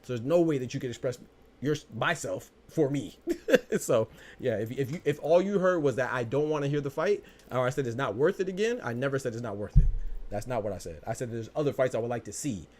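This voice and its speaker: A man's voice: mid-range voice, expressive, fairly quick, darkish tone. A man hosting a live-stream podcast and answering his chat. He talks in combative rebuttals, with stammering restarts and lots of repetition. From United States. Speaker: podcast host.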